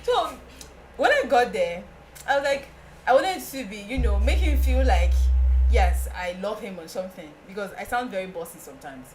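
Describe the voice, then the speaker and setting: A young woman with a Nigerian accent, a podcast guest telling a story in casual chat, animated and often laughing. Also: moderate pace, soft background music. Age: young adult. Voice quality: laughing, animated, breaks into high squeals.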